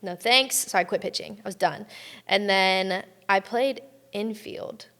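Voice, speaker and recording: A woman's voice: medium pitch, fairly even intonation, a little slow, a bit bright. A young adult woman, a college athlete guest, telling a story in casual chat and often saying "like". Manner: chatty storytelling, frequent "like".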